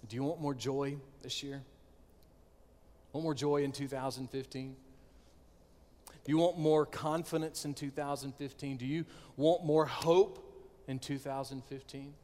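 A man preaching a sermon, swinging between loud declarations and hushed near-whispers. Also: medium pitch, fairly even intonation, unhurried, long pauses. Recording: long hall reverb.

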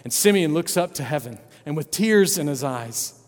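A man preaching a children's sermon, telling a story in a playful, animated way and often checking in with his listeners. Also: a little high, normal speed, big-room sound.

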